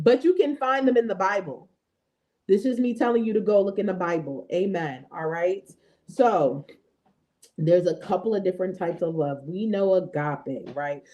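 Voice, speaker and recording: A woman in her thirties hosting a faith talk, speaking to viewers in a lively, chatty way and often checking in with "right?" and "okay?". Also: mid-range voice, dull audio. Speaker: host of a faith affirmation show. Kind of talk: casual devotional talk.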